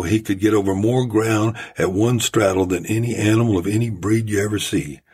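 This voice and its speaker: A man's voice: low-pitched, slightly rough. A man voicing a rambling old storyteller from a mining camp, with a folksy, drawling manner. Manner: folksy drawling tall-tale telling.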